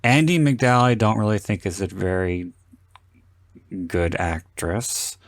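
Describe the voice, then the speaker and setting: A man hosting a podcast, chatting casually about a film and acting out scenes with lively, sweary retellings. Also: fairly low pitch, measured pace, dry recording, clean studio sound. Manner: animated storyteller, acts out quoted lines with swearing. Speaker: podcast host. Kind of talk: casual film commentary chat.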